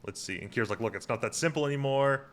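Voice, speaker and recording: A man's voice: medium pitch, quick pace. A man co-hosting a podcast, recapping an episode in casual chat and paraphrasing the scenes with lots of fillers.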